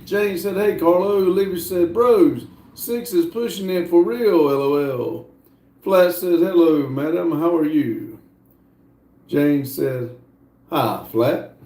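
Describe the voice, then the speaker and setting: A man hosting a livestream, slowly reading viewer messages aloud with lots of hesitant fillers. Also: a little high, dark tone, roomy sound. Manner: slow, halting reading with many fillers. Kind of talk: casual livestream chat.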